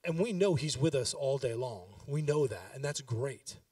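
A man's voice: medium pitch, lively intonation, moderate pace, darkish tone, no echo, recorded from a distance. A pastor in his thirties giving a sermon, talking with the congregation and building to emphatic exhortation.

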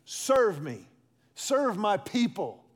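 A male preacher voicing Jesus as a calm, gently insistent man who asks slow, earnest questions in a lowered voice. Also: heavily acted.

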